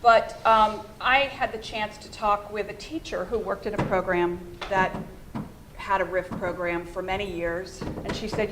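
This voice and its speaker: A middle-aged American woman gives a talk on fundraising, often turning to her listeners with questions. Her voice sits at an ordinary middle pitch, and a clear hiss of background noise runs under the recording. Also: fairly even intonation, unhurried. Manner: engaging, addresses the audience with questions. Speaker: fundraising communications consultant. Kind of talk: conference presentation. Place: presentation room.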